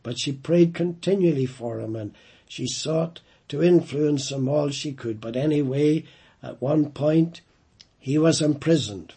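A man preaching a sermon, telling a story and slowing down to stress key lines. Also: on the high side, mellow, slightly rough.

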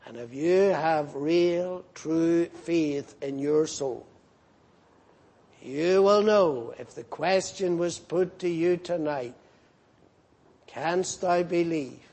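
A man's voice: a little high, slow pace, darkish tone. A man preaching a sermon, posing questions and answering them, repeating key words for emphasis.

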